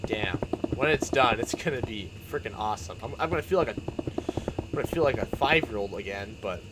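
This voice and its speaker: Excitable rambling young man streaming. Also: mid-range voice, fairly quick, very noisy. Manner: rambling, excitable, laughs often and restarts sentences. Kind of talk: casual chat while building in a game stream.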